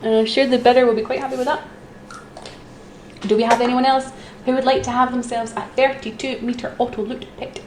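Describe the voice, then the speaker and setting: A woman's voice: a little high, level tone, a little fast. Woman, auction host; chatty, laughs easily, lots of ums. Roomy echo. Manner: chatty, giggly, with frequent ums. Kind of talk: live-streamed auctioneering. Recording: roomy echo with faint noise.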